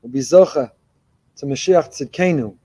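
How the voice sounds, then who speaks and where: Impassioned rabbi preaching, mellow voice. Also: male voice, medium pitch, moderate pace, slightly rough. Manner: impassioned, repetitive rhetorical build-ups. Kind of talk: sermon.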